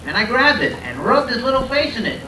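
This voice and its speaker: A man from Rhode Island doing a loud, punchy stand-up comedy set on a club stage, working the crowd. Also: extremely high pitch, sing-song, fairly quick, a little hiss or hum. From Providence, Rhode Island. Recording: echoey club from a far camera, loud crowd.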